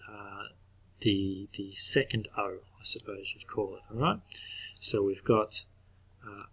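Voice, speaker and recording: A middle-aged male teacher giving a recorded spelling lesson to children, patient, repeating each word slowly and clearly. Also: lowish voice, a bit bright, low-quality recording.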